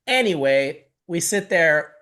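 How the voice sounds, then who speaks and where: A middle-aged man from Canada, telling a long story in casual podcast chat, animated and full of swearing. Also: on the high side, slow, clear, resonant tone. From Canada (Manitoba). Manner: animated, profane, rambling storyteller.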